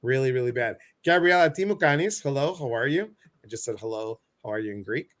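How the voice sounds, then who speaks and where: A man's voice: medium pitch, animated, quick pace, a bit bright. Effusive Midwestern man hosting a live chat. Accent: Midwestern American. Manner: effusive, jokey, greets viewers by name. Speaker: host. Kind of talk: casual livestream chat.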